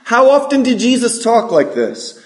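Middle-aged male preacher, lively sermon delivery, high-pitched, reverberant sanctuary sound. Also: moderate pace. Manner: energetic preaching, asks the congregation questions.

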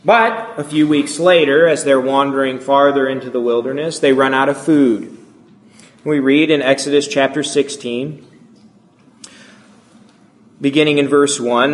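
A man preaching through a passage of scripture, his voice sitting a little high. He reads the verses aloud and lifts his pitch sharply when he voices the people's complaints. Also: a bit bright. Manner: reads complaints with rising, heated emphasis. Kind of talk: sermon with scripture reading.

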